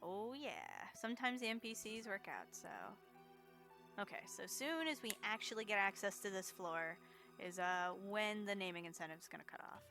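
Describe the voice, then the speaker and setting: Bright-voiced woman streaming a game. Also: mid-range voice, moderate pace, soft background music. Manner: chatty, reacts to chat, laughs often. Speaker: charity marathon streamer. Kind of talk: casual live-stream game commentary.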